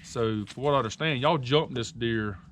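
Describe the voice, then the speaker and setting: A man's voice: mid-range voice, moderate pace, background noise. A man hosting a casual interview, chatty and joking, with sarcastic asides. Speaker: outdoors show host.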